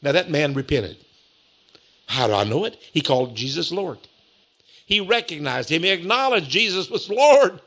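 High, bright-voiced male preacher. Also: big pitch swings. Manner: emphatic, repeats key phrases, reads scripture slowly. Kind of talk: sermon.

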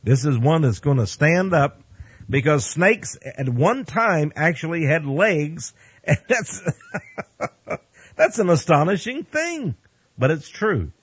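A man's voice: on the high side, big pitch swings, takes it slowly, husky, no echo. A man speaking as a radio preacher, giving folksy preaching commentary on the news with exclamations, chuckling asides and frequent calls to his "friends.".

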